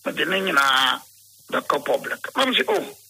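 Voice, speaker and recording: A Ghanaian man with a very bright, slightly husky voice tells a long, rambling account in an interview. He mixes English and Twi and slips into the voices of the people he quotes. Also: fairly high pitch, very animated, a little slow, rough recording. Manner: rambling, switches between English and Twi, acts out quoted dialogue.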